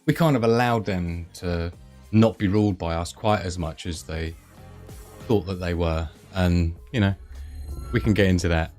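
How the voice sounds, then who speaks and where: A man hosts a casual live stream, talking in a loose, rambling way and laughing often. His voice sits on the lower side. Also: normal speed, a little mellow, faint music behind.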